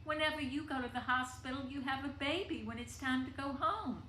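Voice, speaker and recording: A woman's voice: high voice, fairly quick, bright, forceful tone, voice pushed up. A woman voicing a frightened five-year-old girl who pleads tearfully with her mother. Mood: pleading. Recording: echoey room with faint noise.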